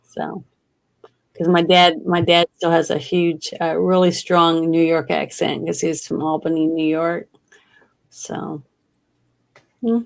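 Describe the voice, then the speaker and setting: Southern woman co-host, low gravelly voice, easygoing and chatty with lots of laughs. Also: completely flat delivery, takes it slowly, long pauses. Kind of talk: casual chat.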